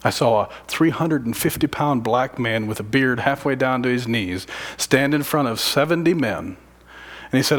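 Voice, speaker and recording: A man preaching a sermon, moving from emphatic, raised lines to hushed whispers. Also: medium pitch, expressive, normal speed.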